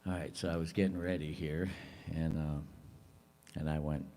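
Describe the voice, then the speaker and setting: A man, a bassist hosting his own live stream, chatting loosely and joking at his own expense. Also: flat delivery, moderate pace, long pauses, warm tone. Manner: rambling, self-deprecating, jokes around. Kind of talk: casual live-stream chat with singing. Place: home music room.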